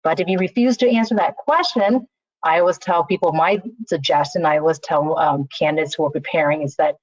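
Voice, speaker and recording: A woman recruiter gives a casual webinar talk on interview skills over a video call, often saying "you know" and restarting her sentences. Her voice sits low and moves a little fast, with no room sound in the slightly muffled, dry online audio.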